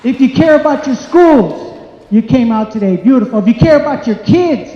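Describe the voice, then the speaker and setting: A man's voice: very high-pitched, expressive, moderate pace. Angry community speaker, man, heated and repetitive; echoey church hall, muffled. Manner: angry, emphatic, repeats points. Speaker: community member speaking at public meeting. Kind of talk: impassioned public comment. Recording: echoey hall, dull sound.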